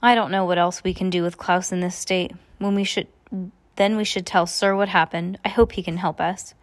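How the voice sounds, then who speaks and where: A woman's voice: on the low side, fairly even intonation, moderate pace, dry recording, close to an everyday voice. A woman reading aloud and voicing an anxious, determined older sister, a girl, with urgency. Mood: worried, urgent.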